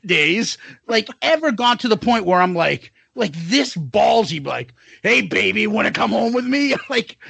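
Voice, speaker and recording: A man's voice: sits high, vocal fry, sharp tone, husky, no echo. A man in his forties co-hosting a podcast, chatting crudely and swearing a lot, acting out lines in silly voices. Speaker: podcast co-host. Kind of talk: casual chat, crude and animated.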